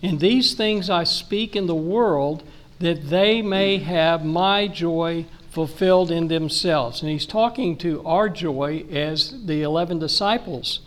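A man's voice: fairly high pitch, slow. A man preaching a sermon, reading scripture aloud and explaining it in a conversational way. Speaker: pastor.

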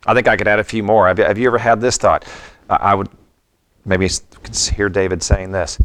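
A man's voice: on the low side, fairly even intonation, brisk, fairly bright tone. A middle-aged man preaching a sermon in a reflective, conversational way, mixing scripture with personal stories. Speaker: pastor.

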